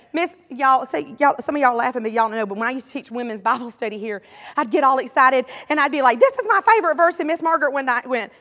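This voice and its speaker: A woman's voice: extremely high pitch, fairly bright tone, in a large hall. A woman with a Southern US accent preaching a sermon with passion, drawing responses from her congregation. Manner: impassioned, emphatic, repeats phrases for effect; calls out to the congregation, asks for responses.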